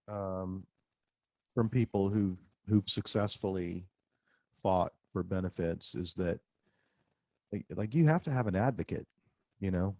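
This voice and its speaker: A man's voice: low-pitched, dark tone, dry recording. A man hosting a podcast interview, speaking thoughtfully and hesitantly with frequent restarts. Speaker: podcast host. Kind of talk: interview conversation.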